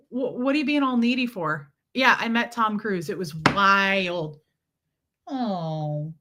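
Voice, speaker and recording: A woman hosts a casual livestream from home, greeting viewers and telling a rambling story with asides to them and to her pets. Her mid-range voice is animated and fairly bright, and she takes her time.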